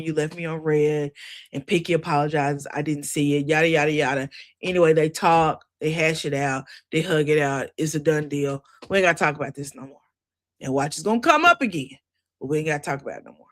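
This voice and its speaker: A woman gives a loose, chatty recap of a reality show. Her voice sits in a middle pitch and jumps way up high when she wants to stress something. It sounds dry and close to the mic, with no room around it. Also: a bit bright, no room sound. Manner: chatty, sassy asides, swoops up high for emphasis. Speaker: recap host.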